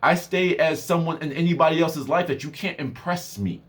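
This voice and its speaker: A man with a somewhat high, slightly bright voice talks at a moderate pace in his motivational vlog. The vlogger and mentor rambles, laughs often, and performs the voices of those he quotes.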